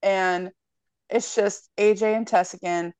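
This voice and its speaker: A woman with a mid-range voice speaks slowly and smoothly, with no echo. She's a podcast co-host recapping a film plot in casual chat, swearing a lot and acting out quotes in animated, profane storytelling.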